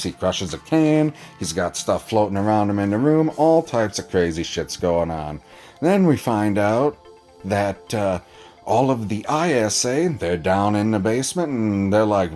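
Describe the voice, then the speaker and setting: Sarcastic, swearing man recapping an episode. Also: fairly low pitch. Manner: animated, sarcastic, swears a lot, acts out characters' lines. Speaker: TV episode reviewer. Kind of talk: casual profane recap.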